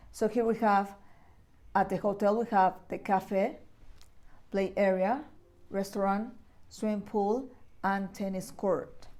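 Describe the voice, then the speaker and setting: A woman teaches English to young children in a recorded lesson. She speaks at an unhurried pace in a medium-pitched voice. She keeps repeating key words and checking in with the class. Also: a little mellow. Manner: slow, patient, repeats key words with frequent "okay?" checks. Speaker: primary school English teacher.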